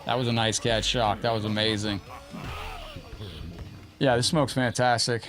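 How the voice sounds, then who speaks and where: Casual, excitable male streamer at a mid-range pitch, informal and a bit profane, cheering good plays. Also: measured pace. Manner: excitable, cheers opponents and thanks viewers; chatty and informal, often profane. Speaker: live-stream gaming host. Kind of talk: casual live-stream commentary.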